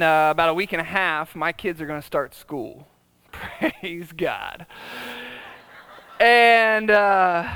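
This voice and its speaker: Middle-aged male pastor, high bright voice, dry close sound, chatty and humorous preaching. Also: clean tone, no echo. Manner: conversational, tag questions, humorous asides. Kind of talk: sermon.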